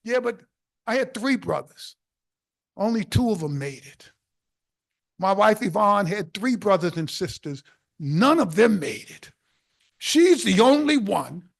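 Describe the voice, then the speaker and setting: Older guy from the bronx, fired-up speech, high voice w some fry, tells stories and shouts the big points. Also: unhurried, long pauses. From South Bronx, New York. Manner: animated storytelling, bursts of shouted emphasis. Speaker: keynote speaker. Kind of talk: inspirational speech.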